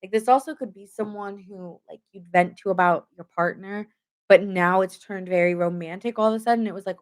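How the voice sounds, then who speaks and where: A woman's voice: medium pitch, fairly quick. A woman giving a casual live tarot reading, chatting straight to her viewers and filling her talk with "like". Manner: chatty, lots of "like" fillers, talks straight to viewers. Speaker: tarot reader.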